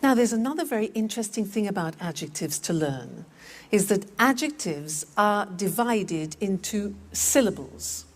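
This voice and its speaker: A woman teaching English vocabulary, repeating words slowly and clearly for learners. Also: mid-range voice, lively intonation. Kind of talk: slow, clear language lesson.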